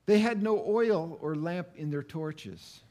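A middle-aged male pastor preaching a sermon, slow and deliberate, asking the congregation questions. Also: fairly high pitch, darkish tone.

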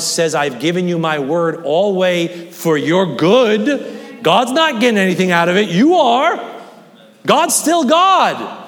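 A man preaching a sermon in a church, earnest and animated, his voice climbing high for emphasis. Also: long reverb tail. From Staten Island. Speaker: pastor.

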